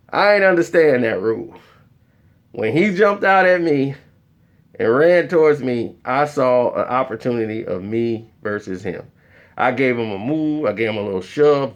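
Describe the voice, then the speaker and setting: Animated man telling a funny story. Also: a little high, moderate pace. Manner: animated, acts out voices. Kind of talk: comedic storytelling.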